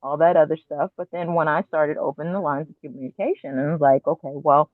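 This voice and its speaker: A woman guest telling her story candidly and earnestly, acting out her own past words with animated asides, heard over a phone or call line. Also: deep voice, quick pace, dry recording. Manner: earnest, reflective, quotes herself with animated asides. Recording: tinny dry phone line.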